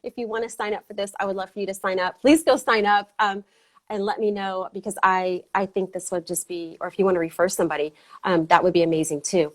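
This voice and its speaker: A woman hosting a casual motivational livestream on a video call, out of breath, excited and rambling with many fillers. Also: mid-range voice, fast. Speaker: host.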